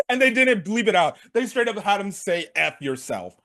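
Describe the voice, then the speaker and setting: Excitable young man recapping wrestling. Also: sits high, moderate pace. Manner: excitable, slangy, laughs a lot, acts out quotes. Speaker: sports commentary vlogger. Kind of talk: casual recap rant.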